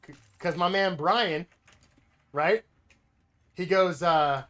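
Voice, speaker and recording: A livestreaming gamer with a high, slightly bright voice talks slowly. He tells a story casually while playing, rambling, interrupting himself and swearing offhandedly.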